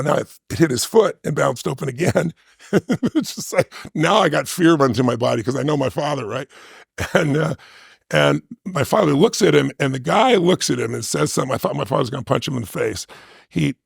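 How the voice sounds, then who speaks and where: A man with an extremely gravelly, husky voice tells a personal story during an interview. He talks emphatically and conversationally, with frequent asides. The recording is close and dry. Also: on the high side, no room sound. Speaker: interview guest.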